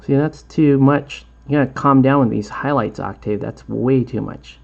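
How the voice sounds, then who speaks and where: A man's voice: mid-range voice, normal speed, vocal fry, darkish tone, lo-fi sound. A man hosting a miniature painting tutorial, chatting in a rambling way and laughing often. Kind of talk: casual chat while painting a tutorial.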